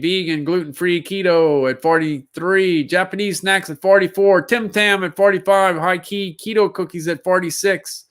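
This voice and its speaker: A man's voice: a little high, fairly bright tone, clean tone. A man hosting a casual solo livestream, musing aloud as he reads down a list of product listings. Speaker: livestream seller host.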